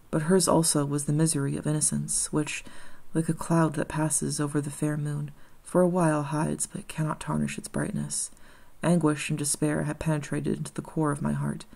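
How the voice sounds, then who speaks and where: A woman narrating an audiobook in a measured, somber reading. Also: deep voice, creaky, dark tone, breathy edge.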